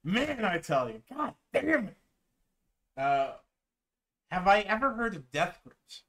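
A man's voice: sits high, big pitch swings, a little slow, a bit bright, a little hiss or hum. A young man casually commenting on videos as a streamer, laid-back, swearing and laughing often.

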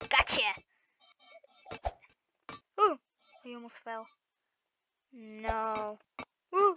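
A woman hosting a let's-play, talking excitedly to viewers and shrieking at the game. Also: sits high, slow pace, pauses often. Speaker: gaming channel host. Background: game music.

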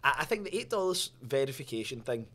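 Man, podcast co-host, casual chat, storytelling, swears a lot, middle pitch. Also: quick pace. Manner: lively storyteller, swears freely, laughs between lines.

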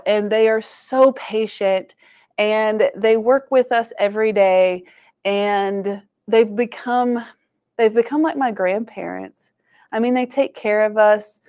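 A woman leads a language lesson for schoolchildren at a museum talk. She is encouraging and patient, and she breaks words into slow syllables for the group to repeat back to her. Her voice sits at an ordinary middle pitch. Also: a little mellow. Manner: encouraging, call-and-response, slows to sound out syllables. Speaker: Cherokee language and culture educator. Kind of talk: teaching a children's language lesson. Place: museum presentation room.

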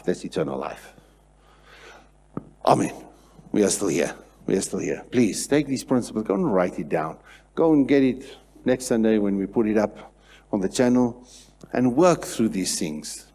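A man preaching a sermon in church, swinging between hushed passages and loud, repetitive declarations. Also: on the low side, lively intonation, normal speed. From South Africa. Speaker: pastor.

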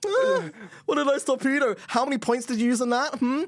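A young man streamer trash-talking his brother over a game, slow and swearing, swinging between low mutters and yelling. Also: sing-song, no echo, clean studio sound. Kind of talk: casual gaming banter.

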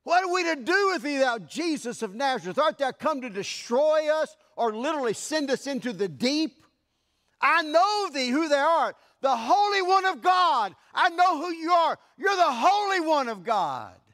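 A man voicing a frantic man possessed by an unclean spirit, crying out high and loud. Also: big pitch swings, normal speed, long reverb tail, full character voice.

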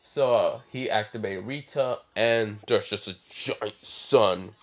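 Brief: young male storyteller, unhurried, hesitant, filler-heavy delivery. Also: lowish voice. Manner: halting, many fillers and throat clearing. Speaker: fan storyteller. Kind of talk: improvised fan-fiction retelling.

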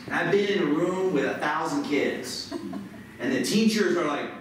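A man's voice: on the high side, animated, moderate pace, slight background noise. A man giving a passionate motivational talk as a visiting author, urging the audience to join a chant. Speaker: author speaking at a school event. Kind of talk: motivational speech. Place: large lecture hall. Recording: echoey hall from far off.

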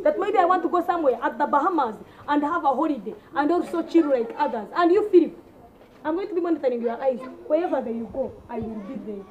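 A woman's voice: high-pitched, a little mellow. A woman with a Ugandan English accent performing comedy sketches, delivering sarcastic, scolding rants.

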